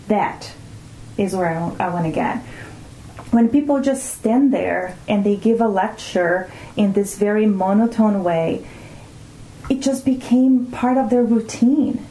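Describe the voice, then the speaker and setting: A woman's voice: a little high, mellow. A woman, speaking earnestly as an interview guest and thinking aloud with small restarts. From Brazil. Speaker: guest, mother of two teenagers. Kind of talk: reflective conversational interview. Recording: roomy echoing room.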